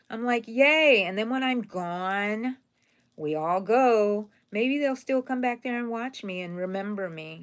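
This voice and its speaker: Chatty middle-aged woman hosting a live stream. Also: mid-range voice. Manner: chatty and rambling, greets viewers by name; tender and sentimental. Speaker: crochet channel host. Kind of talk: casual live-stream chat while crocheting.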